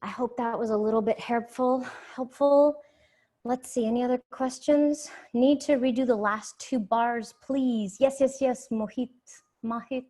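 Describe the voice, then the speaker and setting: A woman's voice: on the high side, steady tone, moderate pace, mellow. A woman teaching an online dance class from home, counting beats aloud and answering questions in an upbeat, encouraging way, a bit out of breath. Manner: counts beats rhythmically, scats, cheerful and encouraging.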